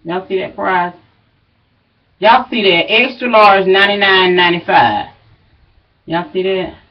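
A woman's voice: mid-range voice, unhurried. A woman, out of breath, chatting casually and folksily to her viewers as a vlogger. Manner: chatty, folksy, drawling asides. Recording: dull, distant home recording.

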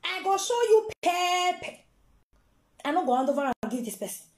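A woman's voice: very high-pitched, sing-song, normal speed, echoey room, pitched above the performer's own voice. A woman voicing a cruel, taunting former friend. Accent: Nigerian Pidgin.

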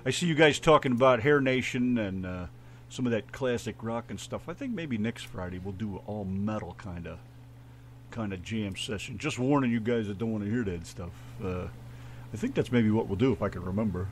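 Rambling, profane American radio host. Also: male voice, fairly low pitch, lively intonation, fairly quick, slight background noise. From United States. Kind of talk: casual talk radio banter. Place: in a truck.

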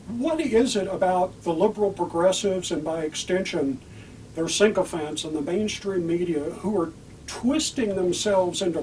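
A man with a fairly high voice hosts a political talk show, pressing his points in a heated, emphatic way. He sounds a little distant from the mic, with a faint hiss underneath. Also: a little mellow. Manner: heated, emphatic, repeats key words. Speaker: podcast host.

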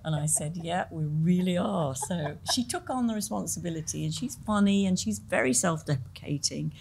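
A woman's voice: fairly low pitch, animated, a little fast, vocal fry, darkish tone, slight background noise. A middle-aged woman, a film director as interview guest, talking in a chatty, self-deprecating way and laughing often. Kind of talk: conversational Q&A interview.

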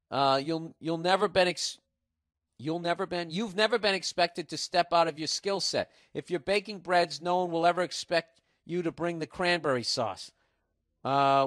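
A man's voice: a little high, fairly bright tone, no echo. Profane ranting man, dry close sound. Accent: Boston. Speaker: podcast host. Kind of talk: casual comedic monologue.

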